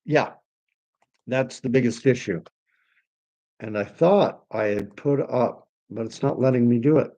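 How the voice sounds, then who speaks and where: A man's voice: medium pitch, a little slow, pauses often, mellow, highs cut off. A man hosting a casual livestream and reading viewer comments, talking in a rambling, enthusiastic way with frequent restarts. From Canada. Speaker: online commentary host.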